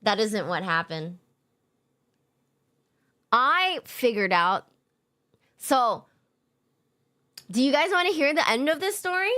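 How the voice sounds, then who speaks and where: A young adult woman streamer telling a story in casual chat, animated, self-mocking and swearing a lot. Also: fairly high pitch, takes it slowly, pauses often.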